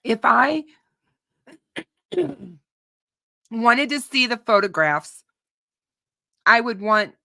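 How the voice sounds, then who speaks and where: Slow, bright-voiced woman hosting true crime. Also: on the high side, lively intonation. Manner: opinionated, frequent restarts and repeated words. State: voice starting to go, clearing her throat. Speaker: true crime channel host. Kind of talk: unscripted commentary to a live audience.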